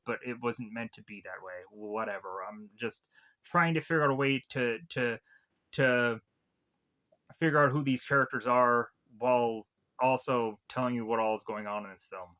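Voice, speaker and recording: Bright-voiced man rambling through a plot recap. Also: mid-range voice, steady tone, highs cut off. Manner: rambling, filler-heavy retelling with quick acted quotes. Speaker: film reviewer.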